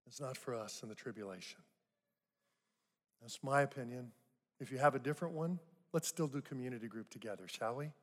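A man's voice: mid-range voice, a little fast, long pauses. An older man preaching a sermon as pastor, conversational, with rising emphatic bursts on key points. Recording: long hall reverb.

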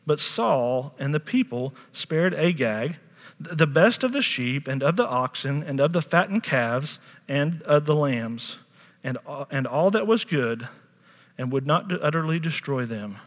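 A middle-aged man preaches to his congregation in a relaxed, chatty way, stopping to ask them questions. His voice sits a little high, and a long reverb from the church sanctuary trails after his words. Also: measured pace. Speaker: pastor. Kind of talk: sermon.

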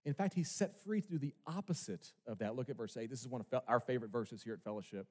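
A male pastor delivers an emphatic sermon in a church sanctuary, putting rhetorical questions to the congregation. He speaks quickly at a medium pitch, and the audio carries the long reverb of a big hall.

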